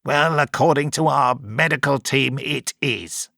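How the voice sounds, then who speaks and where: A man's voice: medium pitch, a little slow, vocal fry, pushed and bright, dry recording, clean studio sound, voice pushed up. A man voicing a weary space station commander in an audiobook, clipped and commanding. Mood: grim.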